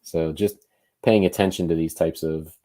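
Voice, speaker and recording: Low-voiced man in casual podcast chat. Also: steady tone, normal speed, warm tone. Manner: thinks aloud, loose and conversational. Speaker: podcast co-host.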